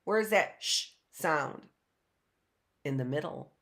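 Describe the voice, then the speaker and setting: A middle-aged woman teaching a live online phonics lesson, patiently asking questions and slowly sounding words out. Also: deep voice, animated, fairly bright tone.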